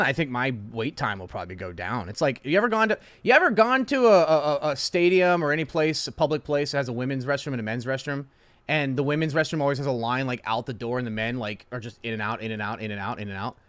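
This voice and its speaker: Young male streamer, mid pitch, dry close sound, profane and jumpy delivery with stuttered restarts. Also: brisk, no echo. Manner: loud swings, swearing, stammering restarts. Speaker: streamer reacting to posts. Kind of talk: casual profane reaction chat.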